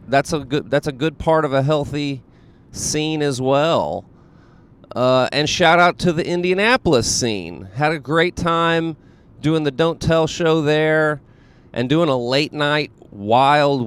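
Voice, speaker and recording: A man's voice: on the high side, a bit bright, clear, resonant tone. A man hosting his own show as a comedian, in a rambling, self-deprecating monologue full of fillers, with a Southern US accent.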